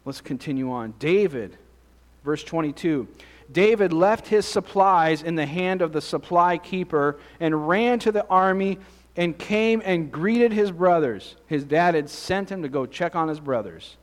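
A man's voice: a little high, a little slow. A man preaching a conversational Bible-teaching sermon, reading scripture and asking the congregation questions.

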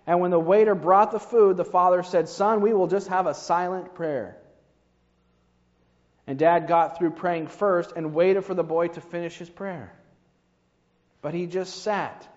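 A man's voice: sits high, a little slow. A man preaching a sermon in a conversational way, with rhetorical asides to the congregation. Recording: dull reverberant hall recording.

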